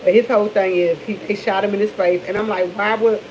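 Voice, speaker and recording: A woman's voice: medium pitch, steady tone, fast talker, darkish tone. Middle-aged dc woman rambling to the camera, kinda dull recording with faint hiss. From Washington, D.C. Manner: candid, rambling, with many restarts. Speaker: vlogger. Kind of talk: casual morning chat to camera.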